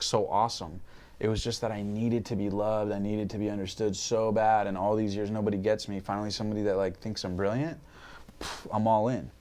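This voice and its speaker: Young man, twenties, lowish voice, podcast guest, candid storytelling, salty language. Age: 20s. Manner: swears freely, acts out his past thoughts.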